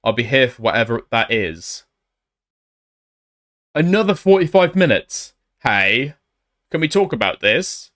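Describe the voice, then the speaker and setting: A man's voice: medium pitch, sing-song, a little slow, long pauses, a bit bright. Sarcastic male commentator, blunt, reads messages aloud.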